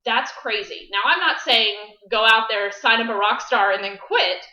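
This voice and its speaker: An upbeat woman explains a business plan to a small room. Her voice is bright and clear-toned at an ordinary pitch. The recording is echoey and dull, with a lo-fi live-stream sound. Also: expressive, moderate pace. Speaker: business presenter.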